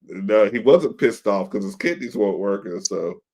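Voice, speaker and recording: Low-voiced guy hosting a podcast, telling a story and doing everyone's voices, super casual. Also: moderate pace. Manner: animated storyteller, acts out quoted voices. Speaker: podcast host.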